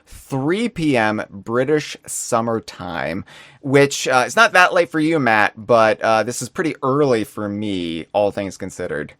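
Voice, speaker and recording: Male podcast co-host, mid pitch, playful and rambling, dry close mic. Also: fairly bright tone, no room sound. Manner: playful, rambling, quick asides. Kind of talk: casual live-stream podcast chat.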